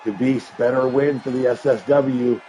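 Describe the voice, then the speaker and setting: A man doing hyped play-by-play commentary on a live-streamed wrestling game, rising into shouts on big moments. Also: medium pitch, steady tone, normal speed, a little hiss or hum, low-quality recording. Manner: hyped announcer delivery that rises to shouts.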